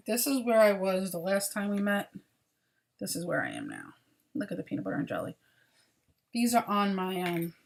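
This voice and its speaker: A woman hosting a crochet video podcast, chatting casually and apologetically about her projects, sounding tired. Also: mid-range voice.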